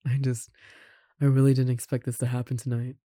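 A performer voicing a caring roommate who confesses love in a romantic audio roleplay, speaking softly with gentle laughs and sighs. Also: mid-range voice, level tone, brisk, no echo, clean studio sound, natural voice. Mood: tender.

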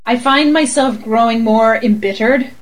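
A woman with a Canadian accent, co-hosting a casual chat, giggly and animated, often slipping into mock voices. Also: a little high, measured pace, poor audio. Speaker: podcast co-host.

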